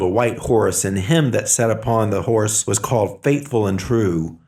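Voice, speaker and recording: A man with a fairly low voice reads scripture passages in a sermon. His delivery is measured and steady.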